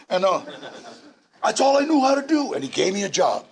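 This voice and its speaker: A man in his sixties telling his story at a recovery meeting, animated and laughing, with shouted bursts. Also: high voice, fast talker, vocal fry. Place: large indoor meeting room.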